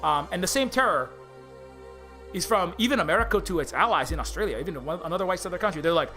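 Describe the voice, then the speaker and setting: Man, high voice, bright and tense tone, heated rambling rant, live stream, faint music behind. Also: lively intonation, fast talker. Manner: heated and rambling, many fillers and restarts; slips into mocking impressions of others. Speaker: indie game developer streaming live.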